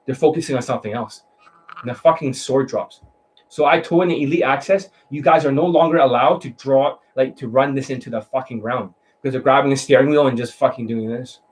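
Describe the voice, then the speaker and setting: A man with an ordinary mid-range voice, lecturing as a dating coach. He is blunt and swears freely. He mocks his students and slips into quick imitations to show what he means. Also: medium pitch, a little mellow, rough recording. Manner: profane, mocking, blunt; mimics voices to demonstrate. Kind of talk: coaching monologue.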